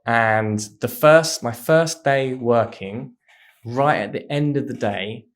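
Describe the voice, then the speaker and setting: A man, a podcast guest telling stories in a casual, animated way. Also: medium pitch, slow pace. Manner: animated, acts out voices in anecdotes. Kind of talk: casual storytelling chat.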